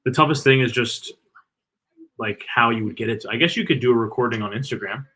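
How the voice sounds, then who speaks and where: A man co-hosting a fan watch-party stream, rambling casually with lots of fillers and getting excited at big plays. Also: mid-range voice, brisk, slightly rough, rough recording. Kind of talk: casual live game-watching chat.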